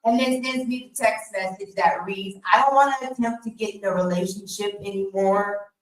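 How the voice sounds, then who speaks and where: A woman performing a raw, profane, confessional spoken-word poem live at a slam, swinging between hushed and loud lines. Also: medium pitch, steady tone, moderate pace. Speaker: slam poet. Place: indoor theater venue. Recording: echoey venue, voice from a distance.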